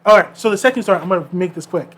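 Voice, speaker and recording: Racing through his stories at high pitch, this podcast co-host chats casually and plays the characters he quotes with animated flair.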